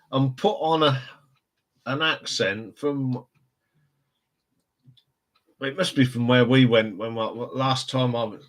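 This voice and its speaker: A man with a Northampton accent, hosting a casual live stream chat and rambling with frequent laughs. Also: medium pitch. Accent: Northampton English. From England. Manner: chatty, rambling, laughs often.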